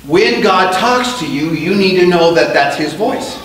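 A male pastor preaches to his congregation, his slightly high voice climbing from hushed storytelling to stretched-out, emphatic lines. He keeps asking the room to answer him. The sound comes from a distance and rings through a very echoey sanctuary, with faint background noise. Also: animated. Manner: swings from quiet storytelling to loud, drawn-out emphasis. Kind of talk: sermon. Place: church sanctuary.

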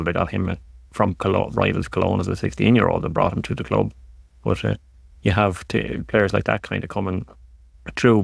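Male podcast host, very gravelly and deep, rambling football chat with restarts. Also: no room sound, studio quality. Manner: rambling, many restarts and repeated words. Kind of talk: casual football analysis chat.

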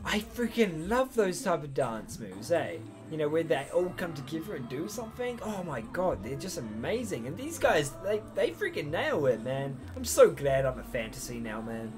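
A man's voice: on the high side, big pitch swings, normal speed, few pauses, over music. Hyped young man reacting to a dance video. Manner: hyped, exclamatory, slangy. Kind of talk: excited reaction commentary.

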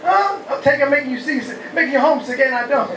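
New rabbi preaching call and response, high voice, echoey hall with a far-off mic. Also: male voice, fast talker, background noise. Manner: asks the congregation questions and shouts praise. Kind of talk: lively call-and-response sermon. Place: humid, warm house of worship.

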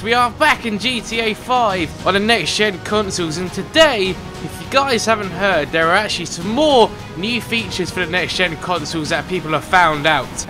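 Excitable young gaming commentator. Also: male voice, high-pitched. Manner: excitable, joking, swears, bursts of laughter. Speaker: gaming YouTuber. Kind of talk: gameplay commentary. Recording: game music behind.

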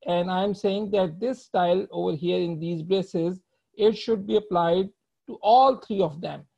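A male lecturer walks students through code as he types it, checking in with them and ending phrase after phrase with "right?". His voice is dark and gravelly. The audio is muffled and lo-fi, like a class streamed online. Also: sits high, measured pace. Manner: talks while typing code, ends phrases with "right?"; explains patiently and checks in with students. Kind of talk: live coding lecture.

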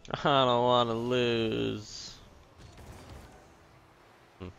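A man giving casual, excitable commentary while playing a game, swearing at his teammates. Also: mid-range voice, very slow, vocal fry, smooth, highs cut off, faint music behind. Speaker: gaming commentator.

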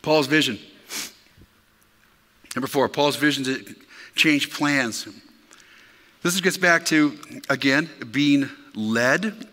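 A man's voice: on the high side, slow, pauses often, sharp tone, long reverb tail. A male pastor preaching a sermon in an emphatic, conversational way, talking directly to his congregation. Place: church sanctuary.

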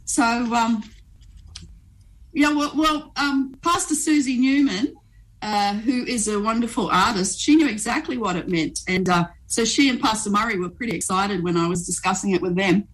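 A woman, a guest pastor telling stories in a conversational faith interview, animated and chatty. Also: fairly high pitch, normal speed, low-quality recording. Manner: animated storyteller, frequent "um" and "you know".

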